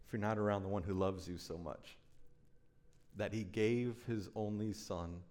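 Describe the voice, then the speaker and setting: A man's voice: fairly low pitch, steady tone, normal speed, a little mellow. Intense, urgent male preacher. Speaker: pastor. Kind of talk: sermon.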